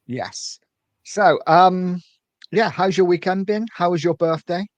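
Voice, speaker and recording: Middle-aged host with a dry close sound. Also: male voice, high voice, slow pace, no room sound, highs cut off. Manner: friendly, leading the conversation. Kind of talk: casual podcast chat.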